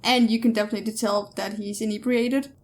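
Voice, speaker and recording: A woman narrating a tabletop horror game as game master in a measured, second-person way. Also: medium pitch, steady tone, darkish tone, slight background noise.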